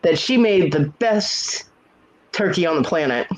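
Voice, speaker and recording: A man's voice: a little high, lively intonation, unhurried, poor audio. Blunt, cussing man telling home stories. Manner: blunt, profane storytelling. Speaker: livestream host. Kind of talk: casual chat.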